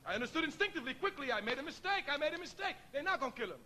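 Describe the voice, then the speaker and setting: A middle-aged man speaks to a live audience in a very high, ringing voice. He tells stories with emphatic, preacherly weight, and his tone stays bright and forward. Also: very animated, rapid-fire, a little hiss or hum. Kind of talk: public speech with storytelling.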